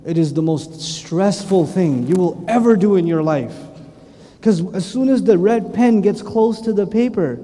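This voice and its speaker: A middle-aged man preaching a lively sermon, often acting out the voices of the people in his stories. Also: sits high, unhurried. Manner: animated, playful, acts out voices. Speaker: Islamic preacher and teacher. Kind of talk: lively sermon with acted quotes. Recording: long reverb of a large hall.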